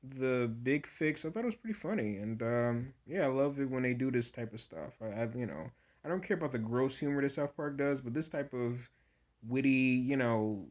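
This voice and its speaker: A man's voice: mid-range voice, animated, moderate pace, a little mellow. A man giving a casual, rambling spoken review of a TV episode, full of "you know" fillers and restarts.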